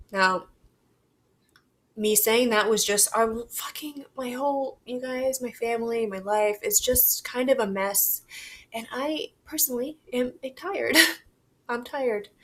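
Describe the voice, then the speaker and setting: A young woman vlogging to camera, talking in a halting, reflective and candid way, swearing casually. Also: fairly high pitch. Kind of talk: personal confessional vlog.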